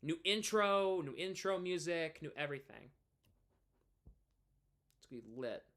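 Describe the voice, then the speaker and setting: Young man, 20, from New England, casual live-stream chat, rambling with restarts, fairly high pitch. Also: lively intonation, unhurried, fairly bright tone. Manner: rambling, with many restarts and fillers. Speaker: live streamer and hockey podcaster.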